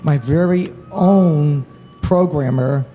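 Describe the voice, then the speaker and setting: A man's voice: fairly high pitch, slow pace, dark tone, soft background music. A man giving an emotional, encouraging speech to students at a summit, speaking into a handheld microphone. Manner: emotional, encouraging, self-deprecating. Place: large event hall at a university.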